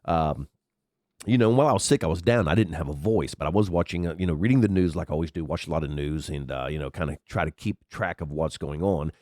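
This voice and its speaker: Deep-voiced, congested man rambling. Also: fast, darkish tone, no room sound, clean studio sound. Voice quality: unusually deep from a cold. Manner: rambling, chatty, swears freely. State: sick, congested with sniffles. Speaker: podcast host. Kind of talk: casual commentary monologue. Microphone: headset.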